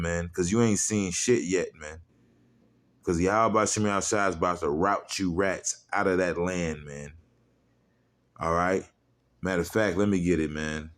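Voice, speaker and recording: A man delivering a heated, mocking religious rant, profane and fiery, who breaks into quiet asides and reads scripture aloud. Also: low-pitched, fairly even intonation, a little slow. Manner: reads scripture aloud in old-style wording. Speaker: street-style preacher.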